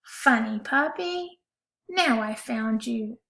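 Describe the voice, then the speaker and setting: A woman doing a cheerful little girl, high and slow. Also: lively intonation, pushed and bright, a little hiss or hum, heavily acted. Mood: relieved, sweet. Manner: slow, sing-song storybook reading. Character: cheerful little girl looking for her puppy. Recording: roomy echo.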